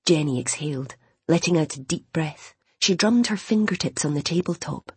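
A woman reading a novel aloud in an expressive way, voicing its characters. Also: deep voice, normal speed, husky, no room sound. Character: Imogen, determined young blind woman wanting a baby. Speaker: audiobook narrator. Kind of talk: scripted novel narration with character voices.

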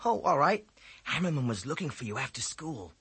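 A man with a husky voice putting on a high, eager schoolboy who stalls and makes excuses in class. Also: very animated, sharp tone, full character voice. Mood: chatty. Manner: high, drawn-out, wheedling boy voice. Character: excitable schoolboy, eager and scattered.

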